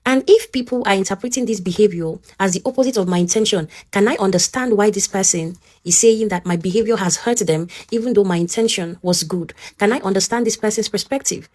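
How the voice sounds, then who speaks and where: A woman, talking casually and warmly as she teaches, often checking in with "okay?" and acting out both sides of an argument. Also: mid-range voice, fairly quick, hardly any pauses. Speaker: advice talk host. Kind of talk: casual advice talk.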